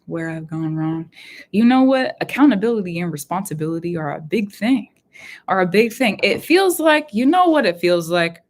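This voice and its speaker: A woman hosts a spiritual reading live stream from her room at home, talking in a rambling, heartfelt, casual way and repeating her phrases. Her voice is lowish and sing-song, at a moderate pace.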